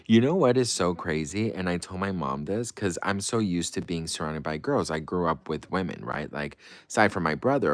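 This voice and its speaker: Low-pitched with a fairly bright tone and no room sound, a man hosts a casual livestream and reads out what viewers write. He responds dramatically and playfully, veering between breezy remarks and gushing praise.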